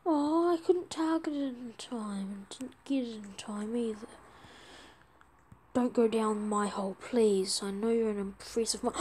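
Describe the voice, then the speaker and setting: A woman giving casual let's-play commentary, chatty and excitable, pleading with other players for trades. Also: mid-range voice, normal speed, slight background noise. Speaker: gaming video creator.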